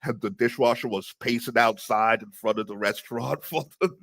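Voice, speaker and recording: A man guesting on a comedy podcast, telling a story in an animated, casual way, often laughing mid-sentence and stumbling into restarts. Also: mid-range voice, normal speed, gravelly, dry recording. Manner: animated, often laughing through his words, stammering restarts.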